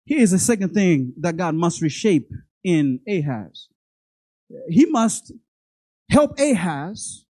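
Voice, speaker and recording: A preacher delivering a sermon to the congregation, animated, with frequent stumbling repeats of words and quick laughs. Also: medium pitch, husky, no room sound. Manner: speaks directly to the congregation, acting out God's voice.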